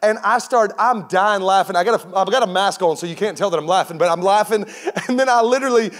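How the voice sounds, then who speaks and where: Man in his thirties, guest pastor, high voice, energetic storytelling sermon. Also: fast.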